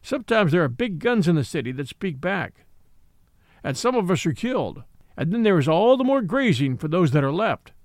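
A man's voice: on the high side, sing-song, normal speed, darkish tone, dry recording, studio quality. A man voicing a pair of stolid, fatalistic bullocks that speak in a plain, matter-of-fact way.

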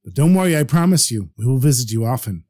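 A man storyteller voicing a humble, pious young male scholar who speaks gently and earnestly. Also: mid-range voice, animated, fast, lightly acted.

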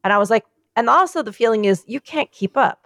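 A woman co-hosting a podcast in casual chat, rambling excitedly and swearing freely. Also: a little high, quick pace, no room sound, studio quality. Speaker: podcast co-host.

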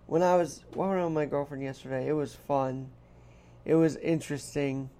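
A man's voice: a little high, fairly even intonation, normal speed, warm tone. A New York man in his twenties hosting a podcast, rambling casually and correcting himself as he tries out a put-on Irish brogue. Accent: put-on Irish brogue over a New York voice. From New York City. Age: 20s. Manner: rambling, chatty, corrects himself mid-sentence. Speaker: podcast host. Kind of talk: casual solo podcast chat.

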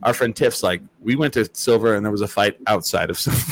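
A man hosting a casual chat. He tells stories in a lively, profane way and acts out what people said. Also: on the low side, brisk, gravelly, slight background noise. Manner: animated, profane storytelling with acted-out quotes. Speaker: host.

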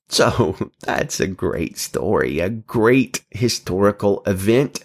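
A man giving an enthusiastic devotional Bible teaching, emphatic, with wry asides. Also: medium pitch.

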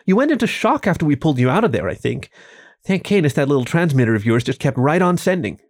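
A man voicing an anxious female friend in a story reading, raising his voice higher. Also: sing-song, fast, no echo, studio quality. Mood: worried. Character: worried female friend of the fox.

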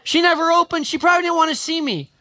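A grown son explains, puzzled, why no one answered the door, voiced by a preacher in a sermon. The voice is high and bright. It speeds up here and there as he makes his excuses. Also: fast, no room sound. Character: grown son telling a parent about a visit.

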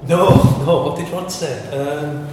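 A man hosting a podcast in casual conversation, self-deprecating and quick to laugh. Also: a little high, steady tone. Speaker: podcast host. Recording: echoey room, distant mic, background noise.

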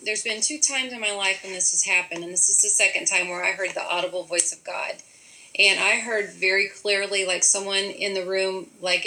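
A woman telling a personal story in a frank, animated way, acting out her own thoughts as she goes. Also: mid-range voice, poor audio. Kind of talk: casual storytelling.

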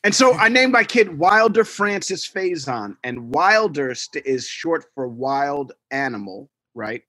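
A man's voice: fairly high pitch, a little slow, no room sound. Man telling stories, dry sound. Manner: animated storyteller acting out quotes. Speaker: podcast co-host. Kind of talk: casual chat.

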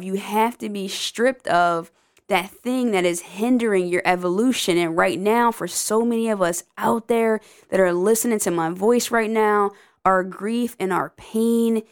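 A woman's voice: medium pitch, clean tone. Upbeat woman hosting a podcast. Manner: upbeat and encouraging, addresses listeners as guys. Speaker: podcast host. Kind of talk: casual podcast monologue.

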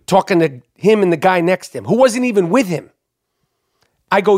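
A man hosting a podcast, rambling through a story with plenty of swearing and worked-up asides. His voice sits a little high for a man. It comes across dry and close on the microphone. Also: fairly quick, dry recording. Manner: rambling, profane, excitable storytelling. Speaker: podcast host. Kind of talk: casual storytelling monologue.

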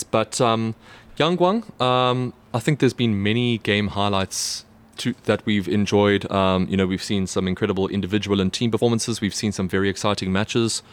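A chatty, animated man with a slightly low-pitched voice, talking sports with colleagues in an easygoing podcast chat. He keeps stopping and restarting his sentences and filling the gaps with ums. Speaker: sports reporter co-hosting a podcast. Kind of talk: casual chat.

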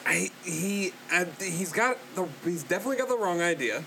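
A man's voice: high voice, lively intonation, moderate pace, vocal fry, bright, forceful tone, slight background noise, rough recording. A man co-hosting a podcast, reacting casually in a laid-back, profane way. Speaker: podcast co-host.

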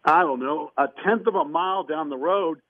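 A middle-aged man with a fairly high voice spins a funny story in an animated, folksy way. He calls in to a radio show, and his voice comes through a tinny phone line with no room sound around it. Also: moderate pace, dry recording. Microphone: telephone.

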